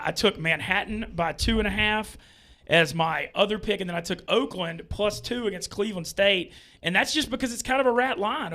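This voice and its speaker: A man with a high, bright voice talks through his betting picks. He is quick and conversational, laying out the reasons behind each pick. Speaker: sports betting show regular. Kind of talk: casual sports betting chat.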